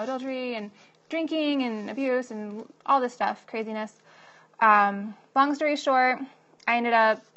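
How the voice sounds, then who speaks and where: A woman's voice: fairly high pitch, fairly bright tone. Chatty laughing young woman, muffled audio. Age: 20s. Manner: chatty, laughs often, many fillers like "like" and "you know". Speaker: vlogger giving advice to young moms. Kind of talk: casual advice talk.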